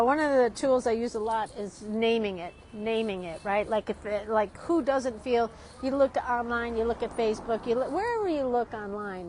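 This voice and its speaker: A woman with a somewhat high voice talks in a casual, rambling way while she sits at an outdoor street café. She keeps asking "right?" and laughs easily. Faint street ambience sits behind her. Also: a little mellow, a little hiss or hum, poor audio. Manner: chatty, rambling, often adds "right?", laughs a lot. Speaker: art teacher vlogging.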